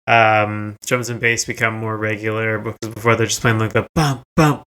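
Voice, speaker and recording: A man's voice: on the low side, monotone, normal speed, pushed and bright, clean tone. A man co-hosting a music podcast, chatting casually, rambling with lots of likes and ums. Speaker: podcast co-host.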